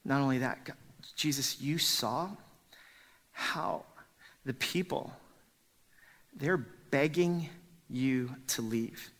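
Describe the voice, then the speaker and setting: A man with a medium-pitched voice preaches a sermon at a slow pace with long pauses, climbing to loud, emphatic peaks for dramatic effect. When he voices a character, he drops to pleading whispers.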